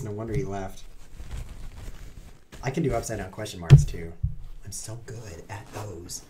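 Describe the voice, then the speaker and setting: A man's voice: fairly low pitch, fairly quick, very noisy. A man streaming online chess, chatting to his viewers in a playful, self-mocking way as he plays. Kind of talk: live-stream commentary while playing.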